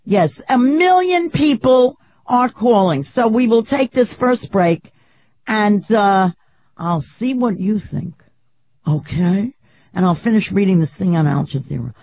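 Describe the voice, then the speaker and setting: A woman in her sixties with a New York accent, hosting a radio talk show in a brash, incredulous, quick-tongued manner. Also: mid-range voice, gravelly, warm tone, breathy edge. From Queens, New York. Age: 60s. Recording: dull radio broadcast audio.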